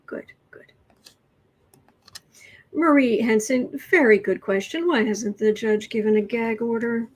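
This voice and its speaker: A woman hosting a tarot livestream speaks slowly, with a husky, breathy edge to a slightly high voice. She muses aloud and trails off mid-thought, then drops into sardonic whispered asides. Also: poor audio. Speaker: tarot reader and livestream host. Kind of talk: casual livestream tarot and news commentary.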